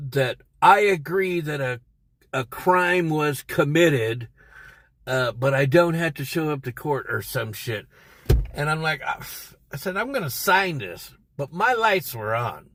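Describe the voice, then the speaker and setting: A man's voice: fairly high pitch, a bit bright, dry recording. A man telling a rambling, profane story on a casual livestream from inside his car. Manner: profane, rambling and irritated, heavy swearing. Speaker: livestream host.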